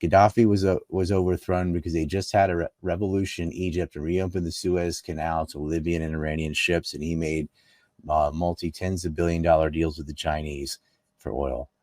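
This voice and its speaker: Low-voiced guy from north carolina ranting about politics, emphatic, dead dry mic. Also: flat delivery, fairly quick, a little mellow, no echo. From North Carolina, USA. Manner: emphatic, argumentative, scoffing. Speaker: interview guest. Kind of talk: casual political talk.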